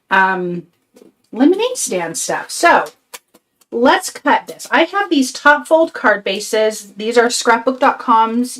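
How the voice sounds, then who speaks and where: An older woman with a medium-pitched, slightly bright voice hosts a casual live craft stream. She's chatty, sweet and upbeat as she reads out viewer comments, though she sounds tired and a little out of breath.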